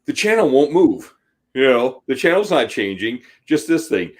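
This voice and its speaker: A man in his forties, co-hosting a podcast, telling an animated, laughing personal story in casual chat. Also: medium pitch, normal speed. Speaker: podcast co-host.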